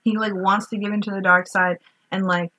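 Husky woman chatting casually about films. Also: medium pitch, flat delivery, a little fast, sharp tone, no room sound. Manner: chatty, swears casually, laughs often. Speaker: podcast co-host. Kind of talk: casual film-rewatch chat.

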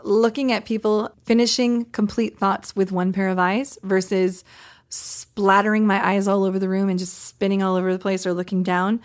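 Woman podcast host, coaching tone, lively delivery with playful demos. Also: medium pitch. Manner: animated, demonstrates voice examples, laughs often.

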